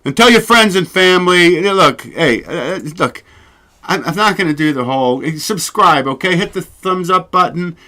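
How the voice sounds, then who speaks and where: A man's voice: high-pitched, expressive, normal speed, pushed and bright. A man hosting his own show, chatting casually and rambling, swearing freely and laughing often. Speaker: show host. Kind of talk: casual solo livestream chat.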